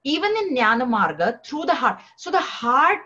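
A woman's voice: sits high, big pitch swings, normal speed, pushed and bright, husky. A woman teaching, retelling and explaining a scripture story in a conversational way, often saying "you know", in a dull lo-fi recording. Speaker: spiritual teacher.

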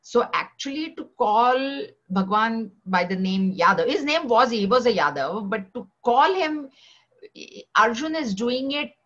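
A woman teaching a scripture class at a middle pitch. She chants each verse slowly and deliberately, then moves into relaxed, rambling explanation full of fillers. The recording sounds a little dull and muffled. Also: breathy edge.

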